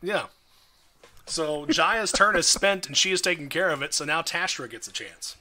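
A man narrating a tabletop game as game master, playful and lively. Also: a little high, normal speed.

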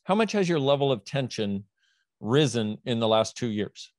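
A man as an interview guest, explaining his ideas in a lively, emphatic way and acting out little back-and-forth dialogues. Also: medium pitch, normal speed, no echo, clean studio sound. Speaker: guest, self-help author. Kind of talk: animated conversational explaining.

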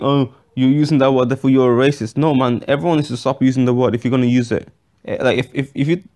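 A man's voice: medium pitch, darkish tone. A man giving his opinions in a casual boxing vlog, rambling with many restarts and fillers and swearing bluntly. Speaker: boxing vlogger.

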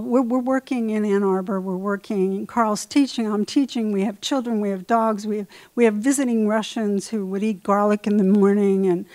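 Older woman telling lively stories. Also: medium pitch, no echo. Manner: lively storyteller, quick repeats of words. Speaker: author at a book talk. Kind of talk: anecdotal talk and Q&A.

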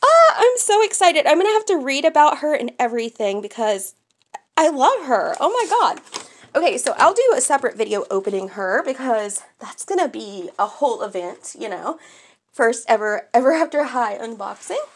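Vlogger, young woman, high lively voice, excitable, casual unboxing chat. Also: moderate pace. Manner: gushing, excitable, squeals and gasps. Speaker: toy collector vlogger.

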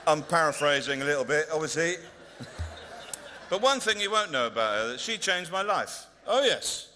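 A male comedian presenting an award with dry, deadpan, mock-pompous timing. His bright, forceful voice sits a little high. It carries through a long-reverb hall with a faint hum behind it. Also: normal speed. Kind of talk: stand-up style presentation speech. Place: large converted hall at an awards ceremony.

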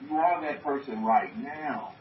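A man's voice: mid-range voice, a little slow, slight background noise. A man preaching to an online group, emphatic, repeating his phrases and asking his listeners questions. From North America. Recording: muffled, echoey, from far off.

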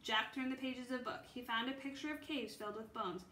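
A woman reading a children's chapter book aloud in a steady storytelling way. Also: fairly high pitch, a little fast. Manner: steady storytelling with small slips. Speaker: reader. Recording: roomy with faint ambience.

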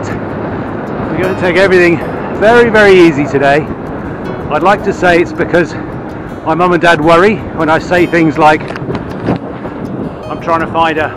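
A man, a bit tired, riding a bike outdoors and rambling through wry, chatty asides as he vlogs the ride. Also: high voice. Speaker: cycling vlogger. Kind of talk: rambling ride-along commentary.

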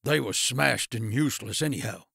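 A male narrator voicing a giant, gruff tattooed thug who talks in terse grumbles. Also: mid-range voice, normal speed, a bit bright, no room sound, clean studio sound, heavily acted.

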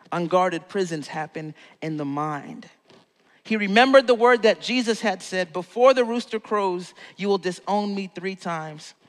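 A man's voice: high voice, a bit bright, long reverb tail. A man preaching a sermon as pastor, telling a story playfully and acting out the quotes.

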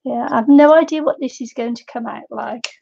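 A woman's voice: a little high, moderate pace, creaky, warm tone. A woman from New Zealand with a New Zealand accent, hosting a craft livestream in casual, self-mocking chat and laughing often. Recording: lo-fi livestream audio with faint noise.

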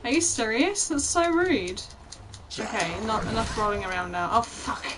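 Very noisy audio carries a young woman's slightly high, sing-song voice as she plays a game on stream at a normal pace. Her commentary is profane and taunting, aimed directly at the enemies in the game.

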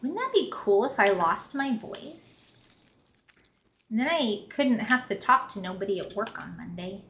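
A woman's voice: mid-range voice, big pitch swings, measured pace, fairly bright tone, slight background noise. A woman streaming a video game, chatting casually and grumbling sarcastically, with frequent swearing. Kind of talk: casual live-stream chat while gaming.

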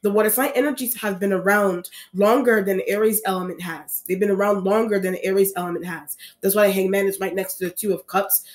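A woman's voice: medium pitch, fairly even intonation, brisk, hardly any pauses. A woman reading tarot cards for an audience, talking in a rambling way with many restarts and repeated phrases. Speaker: tarot reader.

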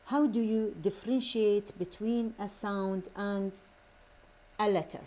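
Woman, English lesson, unhurried drawn-out delivery, repeats each word. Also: mid-range voice, steady tone, dark tone, rough recording. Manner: slow, repeats each word several times; switches to Arabic to explain terms. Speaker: English teacher. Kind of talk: recorded classroom lesson.

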